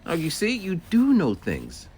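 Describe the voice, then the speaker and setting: A man's voice: sits high, wildly swooping pitch, measured pace, darkish tone, husky. A man who works as a teacher's aide, rambling through a casual story outdoors while walking and acting out voices. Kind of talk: casual walking vlog monologue.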